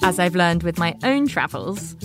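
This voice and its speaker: A woman hosting a podcast, reading scripted narration and asking interview questions in a measured, reflective way. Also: fairly low pitch, very animated, music in the background. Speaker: podcast host.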